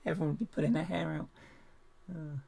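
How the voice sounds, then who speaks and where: A man chats casually on a live stream as he builds, muttering to himself while hunting for parts and poking fun at himself. His voice is a little high, brisk, creaky and husky. A steady background hiss with clicks runs under the recording.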